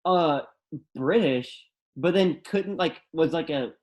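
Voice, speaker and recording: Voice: medium pitch, slow, a little mellow. A podcast co-host chatting casually, making critical points with rhetorical questions. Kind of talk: casual chat.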